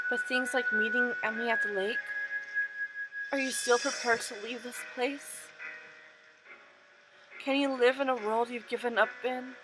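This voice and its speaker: A woman voicing a solemn mirror world spirit that explains things in a measured way, reading aloud for a game playthrough. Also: a little high, lightly acted, poor audio.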